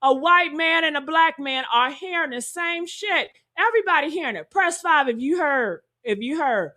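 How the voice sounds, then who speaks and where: A woman giving heated, profane reaction commentary, talking loudly and indignantly and calling out to her viewers. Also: high voice, lively intonation, moderate pace, few pauses. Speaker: commentary streamer.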